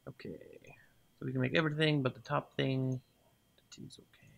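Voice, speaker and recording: A man's voice: mid-range voice, fairly even intonation, normal speed, gravelly, fairly bright tone. A man casually commenting as he plays a game, talking to the items and muttering to himself, then cheering when things work. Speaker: gaming video host. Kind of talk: casual let's-play commentary.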